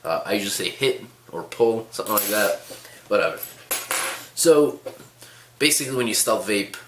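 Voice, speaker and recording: A man who tells stories to the camera casually, with animated, sarcastic asides. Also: lowish voice, moderate pace, noisy background. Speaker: vlogger. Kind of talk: casual storytelling. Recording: echoey room.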